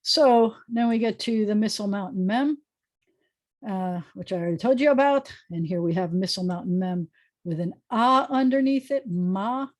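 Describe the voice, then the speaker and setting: A woman's voice: medium pitch, expressive, moderate pace. Woman rabbi, online class teacher, patient and explanatory, sounds out syllables, video-call audio.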